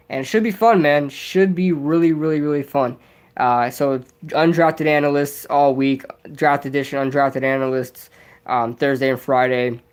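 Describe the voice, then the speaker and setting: A young man hosting a casual livestream, rambling excitably and answering viewers' chat as he goes. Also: a little high. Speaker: livestream host.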